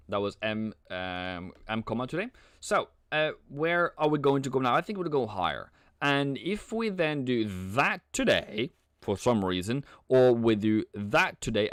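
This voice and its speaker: A man hosting a live trading stream, talking casually and playfully as he answers chat with frequent halting restarts. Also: mid-range voice, big pitch swings, fairly bright tone, dry recording, studio quality. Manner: chuckles often, halting restarts. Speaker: trading livestream host. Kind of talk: casual live market commentary.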